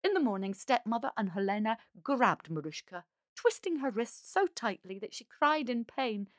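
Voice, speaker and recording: A woman reading a fairy tale aloud as a calm, measured storyteller. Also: on the high side, dry recording, studio quality.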